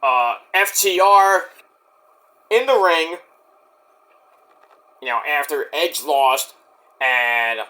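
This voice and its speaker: A man's voice: fairly high pitch, very slow, pauses often, sharp tone. A man reviewing a wrestling show in casual chat, rambling, sarcastic and profane.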